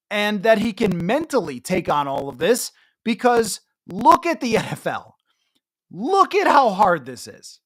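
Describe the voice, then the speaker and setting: A man hosting a solo sports podcast, giving chatty, emphatic commentary with self-mocking asides. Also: high voice. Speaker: podcast host.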